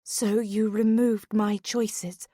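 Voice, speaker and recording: A woman reading a stubborn, defiant young lady whose lines rise sharp and heated in an audiobook. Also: mid-range voice, level tone, slow, no room sound, clean studio sound. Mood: indignant.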